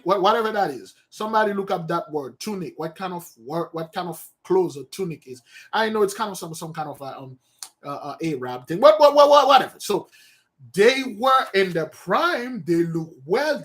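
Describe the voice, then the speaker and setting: A man's voice: high-pitched, fairly bright tone. A man leading an informal study session, reading a text aloud and explaining it in a rambling, self-correcting way. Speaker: study host.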